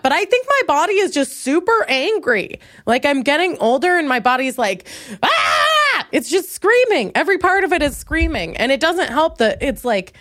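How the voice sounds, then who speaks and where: In a dry, studio-quality recording, a Minnesota woman in her twenties hosts a comedic solo podcast. She rambles in a self-deprecating way, swinging from low mumbles to loud bursts.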